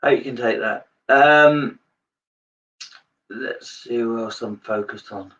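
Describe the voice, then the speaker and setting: A psychic medium giving a live-streamed reading to viewers, halting, repeating his phrases and turning emotional. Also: medium pitch, fairly bright tone, recorded from a distance, lo-fi sound.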